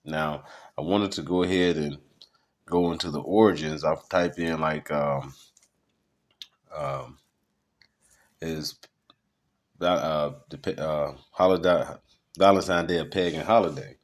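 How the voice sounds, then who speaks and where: A man's voice: a bass voice, fairly even intonation, unhurried, pauses often. A man teaching in a loose sermon style, rambling through web articles with many fillers. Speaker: preacher.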